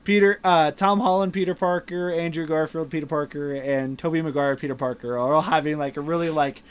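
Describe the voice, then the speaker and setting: A man's voice: on the high side, fairly even intonation, a little fast, clean tone. A man hosting a podcast, animatedly retelling movie scenes in casual chat and laughing often. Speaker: podcast host.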